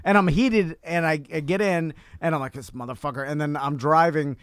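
A man's voice: on the high side, normal speed, smooth, no room sound. A man co-hosting a comedy podcast who tells stories in a rambling way, laughing often and agreeing a lot. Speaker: podcast co-host. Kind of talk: casual comedic chat.

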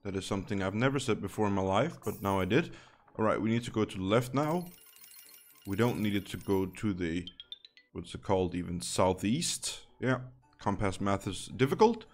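Low-voiced man doing slot game commentary. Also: lively intonation, normal speed, faint music behind. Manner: chatty, wry asides, thinks aloud while playing. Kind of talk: casual gameplay commentary.

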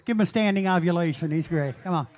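A man's voice: sits high, fast talker, a little mellow. A man emceeing a live bar stage into a handheld mic, joking loosely and calling people up. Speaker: emcee of a jam. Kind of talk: casual stage banter.

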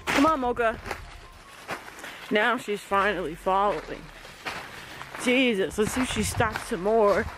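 A vlogger filming on a handheld camera while walking outdoors through woods, with a mid-range voice. The talk is casual and excitable, full of exclamations and calls to the pets, with a faint hiss of noise underneath. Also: mid-range voice, measured pace, pauses often.

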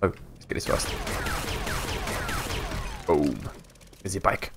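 A man's voice: low voice, lively intonation, takes it slowly, vocal fry, over music. A British man live streaming a game in casual chat, mumbling and slurring his words and laughing often.

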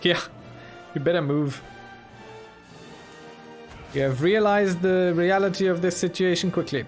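A gaming video host gives casual let's-play commentary on his own strategy game, musing and playfully talking to himself. His voice sits high with a steady tone and a slightly slow pace, and soft game music plays behind him.

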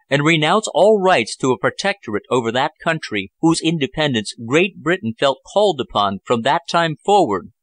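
Male narrator, audiobook reading, measured delivery, mid pitch, dry studio sound. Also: fairly bright tone, no room sound. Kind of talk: scripted narration.

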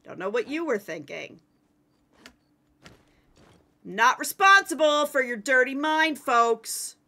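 Excitable high-voiced woman streamer. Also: slow pace. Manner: playful, chatty, talks to viewers and teammates; excitable, breaks into yelling. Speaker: game streamer. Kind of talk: casual live-stream chat while playing.

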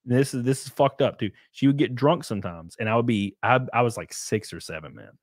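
A man's voice: mid-range voice, a little fast, dry recording, clean studio sound. A young man telling long, rambling stories in casual chat, swearing a lot and laughing often. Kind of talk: casual storytelling.

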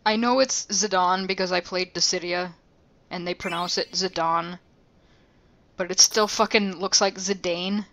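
A woman's voice: fairly low pitch, steady tone, moderate pace, a bit bright. A woman co-hosting a game let's play in casual chat, swearing freely and laughing often.

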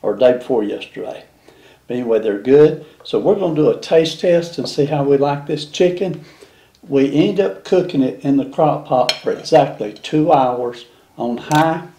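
A man chatting casually with his co-host during a home cooking taste test, relaxed and homey with easy fillers. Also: mid-range voice, normal speed, roomy sound, slight background noise.

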